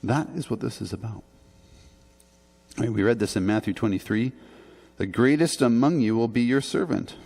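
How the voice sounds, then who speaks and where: A man's voice: medium pitch, moderate pace, creaky, pauses often, darkish tone. Preaching man in a reverberant church. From Canada. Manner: earnest, conversational preaching with emphatic rises. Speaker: pastor. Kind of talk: sermon. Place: church sanctuary.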